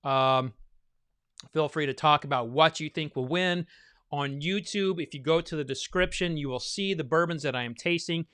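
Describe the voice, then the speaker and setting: A man's voice: fairly high pitch, moderate pace, fairly bright tone, clean tone, dry recording, studio quality. A man hosting a bourbon tasting, chatting loosely and thinking aloud with many fillers, a little winded from all the talking. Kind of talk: casual live tasting chat.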